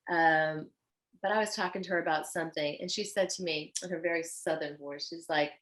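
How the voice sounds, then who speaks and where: Speaking briskly in a low-sitting voice, a female fashion designer is interviewed on a podcast, and the recording is rough. She's earnest and gushing, livening up whenever she tells a story.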